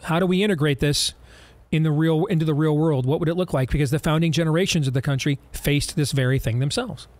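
A high-pitched man hosting a political talk radio show. He talks emphatically and riffs with sarcasm, pushing each point hard. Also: quick pace, a little mellow.

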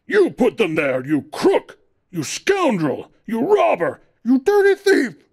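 A man voicing a furious, bulky rich old man who shouts and sputters accusations. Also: high voice, huge pitch swings, moderate pace, gravelly, pitched above the performer's own voice, full character voice.

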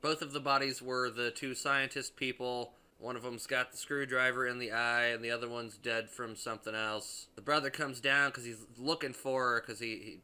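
A young man rambles through a casual movie review, swearing freely and tripping over restarts and fillers. His voice is very bright, with a smooth, clean tone. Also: medium pitch, steady tone, moderate pace, hardly any pauses.

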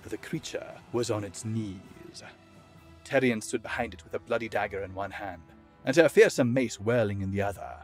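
Low-voiced guy narrating a fantasy audiobook, measured and expressive, quiet music under it.

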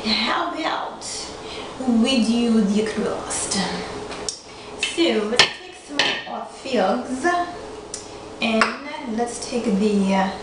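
A woman's voice: a little high, background noise. A woman hosting a home cooking demonstration in her kitchen, playfully putting on a mixed accent and laughing at herself. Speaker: cooking show host. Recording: echoey kitchen, mic far off.

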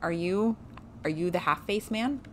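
A woman's voice: on the low side, a little slow, slight background noise. A woman streaming a game playthrough, chatting casually, laughing often and swearing freely. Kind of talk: casual let's-play commentary.

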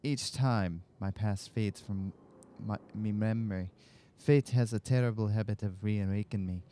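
A man's voice: on the low side, moderate pace, mellow, a little hiss or hum, natural voice. A man reading a game journal aloud in a put-on Irish or Scottish accent, voicing an exiled war veteran. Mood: solemn. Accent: mock Irish or Scottish.

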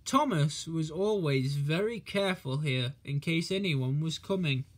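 A man reading a children's storybook aloud in a gentle, measured way. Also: on the high side.

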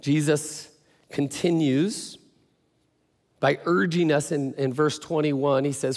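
Conversational pastor in an echoey church. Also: male voice, a little high, lively intonation, normal speed. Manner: conversational, joking storyteller. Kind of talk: sermon.

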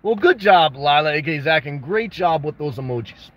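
A man hosting a casual livestream, answering viewer comments with blunt, jokey advice and bursts of excitement. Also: on the high side, moderate pace, muffled recording. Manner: reads and responds to viewer comments. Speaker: livestream host answering chat.

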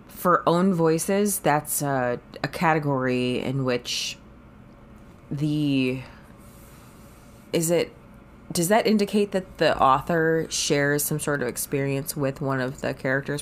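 Low-voiced woman with a cold. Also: a little slow, a little hiss or hum. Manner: hesitant, lots of ums while reading. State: has a cold. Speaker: podcast co-host. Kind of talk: casual chat.

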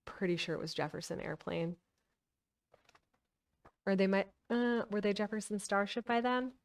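A woman's voice: mid-range voice, moderate pace, distant mic. A woman streaming a live book reading, narrating and chatting casually with her viewers. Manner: chatty, laughs often. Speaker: streamer reading a novel aloud.

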